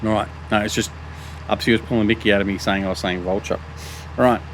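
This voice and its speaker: Speaking fast in a fairly low, steady and slightly bright voice, a middle-aged Australian host rambles through a farming game. Frequent ums, restarts and self-mockery fill his casual commentary, and there is slight background noise.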